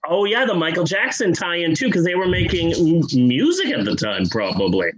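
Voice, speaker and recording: A man co-hosting a podcast, telling a comedic story in a rambling, profane, animated way. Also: fairly high pitch, normal speed, muffled recording, over a noisy crowd. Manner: rambling, animated, profane, drops into character voices. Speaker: podcast co-host.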